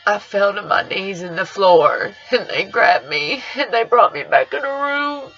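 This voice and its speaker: Young woman vlogger, raspy fry in a fairly high voice, dull lo-fi recording. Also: lively intonation, measured pace, hardly any pauses, fairly bright tone. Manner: emotional, rambling retelling. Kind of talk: personal storytelling vlog. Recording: dull lo-fi sound.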